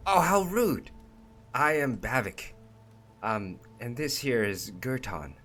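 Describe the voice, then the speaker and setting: A man putting on a high eager goblin voice. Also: very animated, slow, a bit bright, slight background noise. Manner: eager, flustered, welcoming. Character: excitable friendly male goblin.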